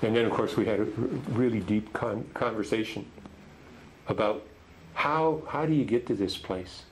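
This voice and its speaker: A middle-aged man leading a men's group tells a story gently, with halting restarts. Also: on the low side, slight background noise, poor audio. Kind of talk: storytelling talk.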